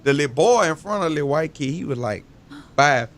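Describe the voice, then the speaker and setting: A man talking casually as a guest, telling loose, animated stories full of slang. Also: fairly high pitch, brisk. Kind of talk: casual interview talk.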